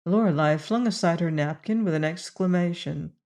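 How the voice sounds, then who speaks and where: A woman reads an audiobook aloud, her scripted narration measured and even like a storyteller's. Her voice sits fairly low.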